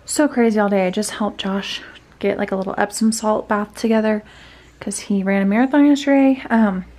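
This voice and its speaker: A woman's voice: medium pitch, fairly even intonation, fairly quick, darkish tone. A young woman vlogger talking casually through her day, chatty and saying "y'all" often. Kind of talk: casual vlog chat.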